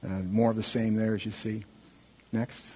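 A man speaking earnestly to a congregation as he narrates a slideshow, asking for the next slide and pausing on fillers. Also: fairly low pitch, flat delivery, a little mellow, slightly rough. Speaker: church mission speaker presenting slides. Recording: dull, muffled audio with long hall reverb.

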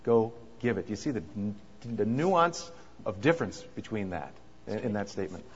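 A man's voice: on the low side, sing-song, normal speed, a little hiss or hum. Man preaching in a reverberant hall. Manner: builds from quiet asides to fervent preaching. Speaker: pastor. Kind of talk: sermon at a marriage conference. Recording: dull sound with long hall reverb.

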